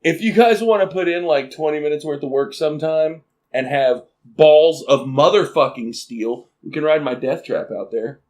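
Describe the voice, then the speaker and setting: A man from Arkansas with a Southern accent, co-hosting a casual podcast chat, animated and laughing often. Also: on the high side, moderate pace, hardly any pauses. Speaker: podcast co-host.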